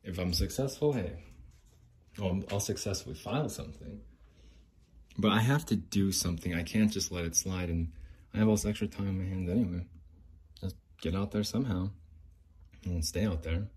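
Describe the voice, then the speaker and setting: A man's voice: low voice, moderate pace, pauses often, darkish tone. A middle-aged man from the United States ranting casually as a podcast host, aggrieved and rambling, swearing freely. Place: outdoors near an apartment complex.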